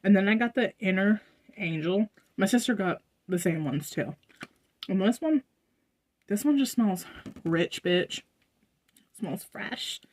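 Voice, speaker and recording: A woman's voice: mid-range voice, animated, a little slow, long pauses, a little mellow. A young American woman, a vlogger chatting casually to her viewers, rambling with fillers and asides. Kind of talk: casual haul vlog. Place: indoors at home.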